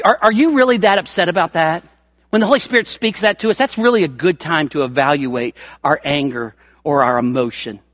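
A man's voice: high-pitched, fairly bright tone, no room sound, studio quality. A man preaching a sermon in an emphatic, folksy way, acting out the scripture quotes as he goes.

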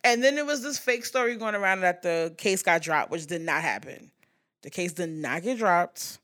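A woman hosting a podcast in casual pop-culture chat, blunt and profane, acting out quotes with animated asides. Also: lowish voice, normal speed. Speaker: podcast host.

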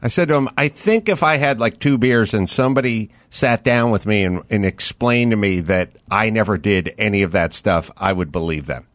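A man's voice: on the low side, normal speed, hardly any pauses, no echo. A man hosting a podcast interview, asking questions in a joking, conversational way. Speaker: podcast host. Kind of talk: casual interview chat.

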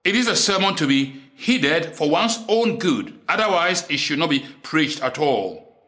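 Guy preaching a sermon, english not his first language, brightish higher voice, slow and deliberate, repeats stuff for emphasis. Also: animated.

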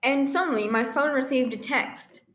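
A woman's voice: high voice, moderate pace, a bit bright. A young woman co-hosting a casual podcast, telling rambling stories and acting out quoted lines. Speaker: podcast co-host. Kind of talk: casual chat. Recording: echoey room.

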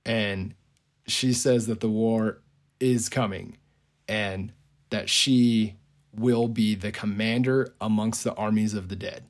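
Guy with a fairly low voice chatting loosely, says "like" a ton, keeps chuckling. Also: steady tone, slow pace. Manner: rambling, heavy use of "like", frequent chuckles. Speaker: podcast host pitching a movie idea. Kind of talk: casual storytelling.

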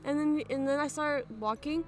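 A young woman with a fairly high voice, recounting a story in a hesitant, low-key way, pausing on fillers. It is a casual chat among friends, recorded outdoors at night. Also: darkish tone. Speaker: podcast co-host. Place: outdoors at an abandoned aqueduct at night.

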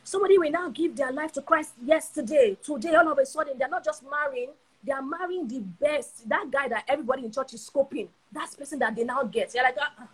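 A woman preaching on a live stream from her phone, animated and repeating phrases for emphasis. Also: sits high, quick pace, few pauses, poor audio. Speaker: Bible teacher.

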